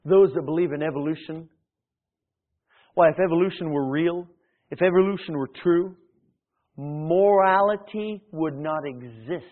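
A preacher, a man with a slightly high voice, delivers a sermon that swells in volume and circles back on his phrases. The sound is thin and tinny, like it's coming through a phone line. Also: a little slow, long pauses. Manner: preaching with sudden swells in volume and many restarts. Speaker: pastor.

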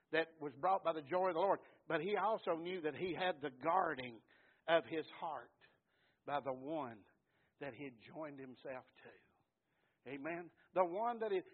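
A pastor preaching a fervent sermon, swinging from hushed words to shouting. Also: male voice, a little high, breathy edge. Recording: tinny phone-like sound.

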